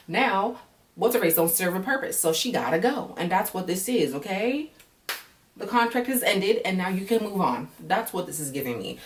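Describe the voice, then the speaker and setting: A woman recapping a reality show in a sassy, animated casual vlog, tagging many lines with "okay". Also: low-pitched, far from the mic.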